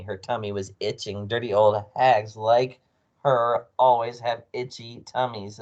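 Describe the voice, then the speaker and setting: A man reading a children's book aloud as storyteller, expressive with small slips. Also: fairly low pitch, lo-fi sound. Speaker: storyteller, read-aloud narrator.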